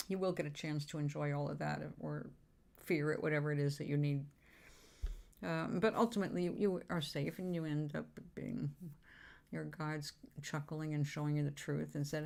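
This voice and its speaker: A woman's voice: low-pitched, vocal fry, a little mellow. A woman giving a casual self-help talk, chatty and informal, with fillers and the odd swear word.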